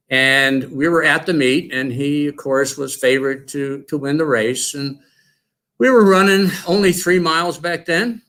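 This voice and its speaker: An older man speaks at a mid-range pitch, telling a coaching story in a lively way. He is a former coach giving an induction tribute, and he talks to the audience as if he were reminiscing.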